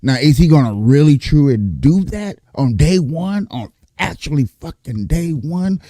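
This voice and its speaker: A man's voice: on the high side, animated, unhurried, dark tone, no echo, clean studio sound. A man arguing hard in a casual panel debate, profane and emphatic, repeating his points. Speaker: panelist, Trump supporter.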